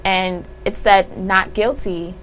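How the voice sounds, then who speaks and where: A woman's voice: medium pitch, steady tone, takes it slowly, a little hiss or hum, low-quality recording. A young woman, a college student guest on a talk show, telling her story in a heartfelt, emotional way. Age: young adult.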